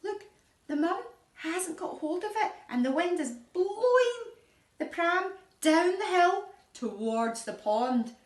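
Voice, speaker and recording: A woman reading a picture book aloud to young children, with a lively sing-song delivery, gasps and questions to her listeners. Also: very high voice, slow. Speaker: children's story reader. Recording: echoey room, voice from a distance.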